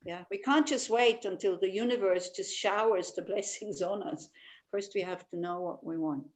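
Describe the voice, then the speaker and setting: A woman's voice: medium pitch, moderate pace, low-quality recording. Woman teaching a meditation class online. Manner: warm storytelling, many "you know" fillers. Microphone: video call.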